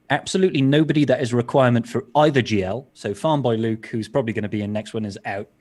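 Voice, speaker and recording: A man answering questions on a live gaming panel in a relaxed way, pausing and sighing as he thinks. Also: medium pitch. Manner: relaxed, sighs while thinking, laughs. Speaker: guest panelist. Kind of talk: casual live game chat.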